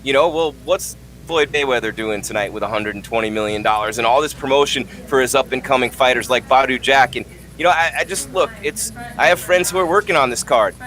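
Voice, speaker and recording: A man hosting a combat sports talk show, talking in an animated, opinionated way and telling anecdotes. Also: mid-range voice, brisk. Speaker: host. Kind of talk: casual combat sports commentary.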